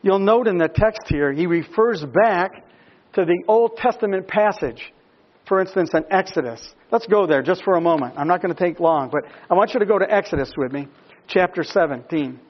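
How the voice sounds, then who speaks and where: At a moderate pace, a male pastor with a high voice preaches, shifting between calm explanation and emphatic questions that rise toward his listeners. The recording sounds dull and lo-fi.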